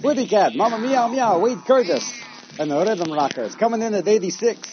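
A man hosting a radio show, announcing records and reading public service spots in quick, joking patter. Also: high voice, animated, lo-fi sound.

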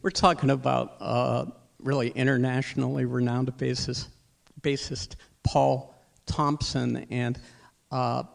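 Gravelly-voiced male radio host. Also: medium pitch, little pitch movement, slow. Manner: chatty, laughs easily, stumbles over names. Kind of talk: live radio interview chat. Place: radio studio.

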